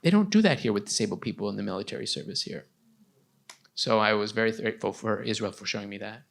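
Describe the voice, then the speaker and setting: A man interpreting for a deaf guest in the first person on a live talk show, delivering his words in measured phrases. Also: on the low side, creaky, fairly bright tone, a little hiss or hum. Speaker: sign language interpreter voicing a deaf guest. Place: TV studio with a live audience.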